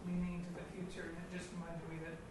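A hoarse man from the audience, speaking in a hesitant, thoughtful way. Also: sits high, completely flat delivery, rapid-fire. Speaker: audience member. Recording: very echoey hall, far off, noisy.

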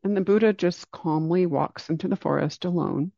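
A male meditation teacher delivers a dharma talk, narrating a story calmly and without hurry, slowing down to emphasize points. His voice is high and gravelly, captured in a dull, dry lo-fi recording.

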